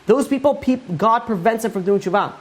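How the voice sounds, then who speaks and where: A woman teaching a Torah lecture, telling stories in a lively way with many fillers and restarts. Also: a little high, brisk.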